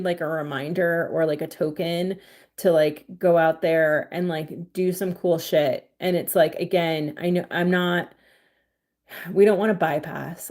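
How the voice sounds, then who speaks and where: A young woman chatting casually on a livestream, giving tarot readings to viewers, full of "like" and "um" fillers and warm pet names. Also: lowish voice. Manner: chatty, filler-heavy with frequent "like" and "um", affectionate to viewers. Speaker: livestream tarot reader and crystal seller.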